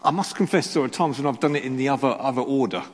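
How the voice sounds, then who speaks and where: A man's voice: mid-range voice, fast. A man preaching a sermon in church, joking at his own expense and asking the congregation rhetorical questions. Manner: self-deprecating humor, rhetorical questions. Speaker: pastor. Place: church hall. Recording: reverberant church hall.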